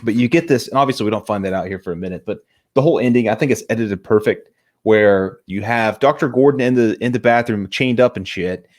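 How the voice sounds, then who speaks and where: A man co-hosting a casual movie review, excitable, swearing casually and restarting his sentences often. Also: lowish voice, fast talker. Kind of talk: casual chat.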